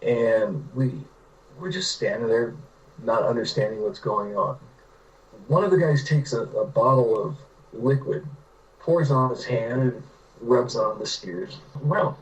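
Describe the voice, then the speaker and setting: A man's voice: mid-range voice, a little slow, distant mic, poor audio. A man from California, a writer telling rambling anecdotes with many restarts in a casual interview. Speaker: guest, writer.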